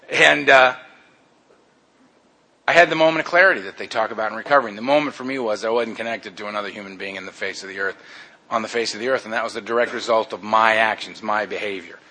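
A man with a lowish, bright voice tells his own recovery story frankly, speaking briskly with frequent pauses and a forceful tone. It's casual, blunt personal testimony, and he keeps addressing his listeners as "man."

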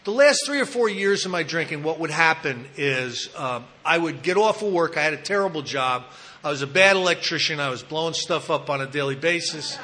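A man's voice: a little high, expressive, a little fast, sharp tone. A man giving a personal recovery talk, telling his story candidly with self-mocking humor. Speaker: recovery speaker at a support meeting.

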